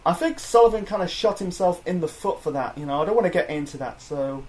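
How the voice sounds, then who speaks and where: A man's voice: fairly high pitch, expressive, quick pace. A young man reviewing wrestling in a rambling, casual chat full of fillers and self-corrections.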